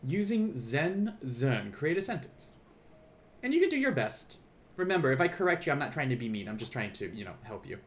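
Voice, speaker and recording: Friendly male streamer-teacher, expressive pitch, faint hiss behind. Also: brisk. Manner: encouraging, reads chat and asks questions. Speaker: online language teacher. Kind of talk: live-streamed beginner lesson.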